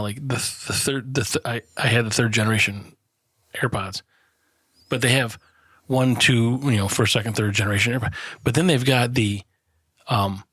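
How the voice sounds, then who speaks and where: A man's voice: medium pitch, a bit bright, slightly rough, no echo. A man co-hosting a podcast in a casual chat over beers, swearing freely, laughing often and telling stories with lots of animation. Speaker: podcast co-host.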